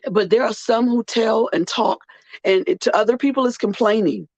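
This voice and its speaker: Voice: medium pitch, normal speed, a little mellow, dry recording. A podcast host, tired and earnest, speaking in a personal heartfelt monologue and repeating phrases for weight. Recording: dull, muffled dry recording.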